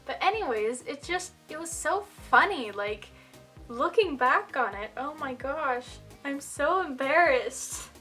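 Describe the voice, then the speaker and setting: A woman's voice: high-pitched, lively intonation, unhurried, a bit bright, soft background music. A young woman talking casually to camera in a self-mocking vlog, with lots of fillers. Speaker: vlogger.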